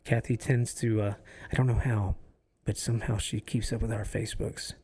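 A man's voice: on the low side, level tone, normal speed, warm tone, slightly rough. A man co-hosting a faith podcast in casual chat, speaking earnestly and reflectively, often stopping and restarting his sentences. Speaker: podcast co-host. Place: office used for recording podcasts.

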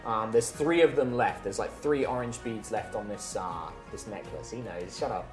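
Low-voiced woman running a tabletop game. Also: moderate pace, over music. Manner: playful, laughing, with fillers. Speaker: game master. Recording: echoey room.

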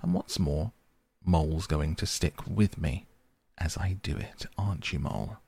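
A man voicing a stubborn, sceptical male water rat in a soft bedtime audiobook reading, refusing in a dogged, flat way. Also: extremely low pitch, unhurried, creaky, breathy edge, full character voice.

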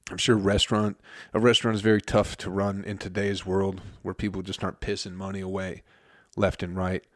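A man's voice: low voice, level tone, brisk, no echo, clean studio sound. A man who works in a restaurant kitchen, telling a story as a heated, profane rant.

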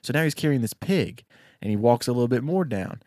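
A man in a casual brainstorming chat, telling a story with lots of animation. His pitch moves lively up and down, and the recording is dry and close. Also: a little fast, dry recording.

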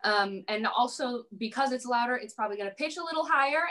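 Talking fast in a bright, high-leaning voice, a young woman guesting on a podcast gabs about cosplay in a casual interview. She uses "like" heavily and laughs frequently.

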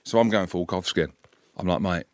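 Low-voiced man telling a story. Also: moderate pace, no room sound, studio quality. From Scotland. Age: 40s. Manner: animated anecdote, gets loud and high when quoting the argument. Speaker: podcast co-host, rugby commentator. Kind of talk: casual chat, storytelling.

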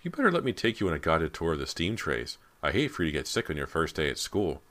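A confident, sarcastic teenage girl, voiced by a man in an audiobook. She teases with a lively, sing-song delivery over a deep voice. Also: fast talker, exaggerated voice. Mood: teasing. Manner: sarcastic, teasing.

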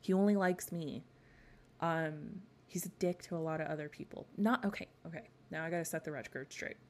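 Podcast host woman, sassy and gossipy, rants, lowish voice. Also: fairly quick, a little mellow, slight background noise. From not from the American South. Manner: gossipy, sassy, ranting with laughs. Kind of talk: casual chat.

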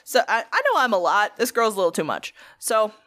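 A young woman co-hosting a podcast, telling workplace stories in a casual, animated way and acting out quotes. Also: mid-range voice, fairly quick. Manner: animated, acts out quotes, laughs often. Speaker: podcast co-host. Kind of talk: casual storytelling chat.

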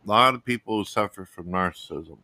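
A man with a low, bright voice talks casually with his guest. He is blunt and plain-spoken, with a forceful tone. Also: a little fast. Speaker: host. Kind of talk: casual chat.

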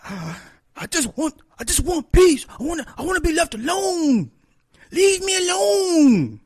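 A man putting on the voice of an irate grown man who whines and pleads for peace and quiet, in a drawn-out, pleading way. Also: very high voice, sing-song, no echo, studio quality, voice pushed up, heavily acted.

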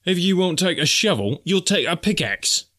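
A man voicing a surly, resentful rough sailor in a spoken story. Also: medium pitch, expressive, normal speed, pushed and bright, voice pushed up. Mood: defiant.

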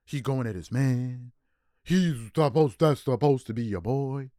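A man hosting a casual sports podcast, animated and mocking as he riffs. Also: mid-range voice, a little slow, no echo, clean studio sound. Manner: animated, mocking impressions of others. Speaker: podcast host.

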